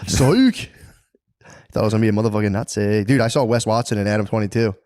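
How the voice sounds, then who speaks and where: A man's voice: on the low side, fast, a little mellow, no room sound. A man co-hosting a podcast in casual chat, rambling and profane, laughing often as he talks. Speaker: podcast co-host.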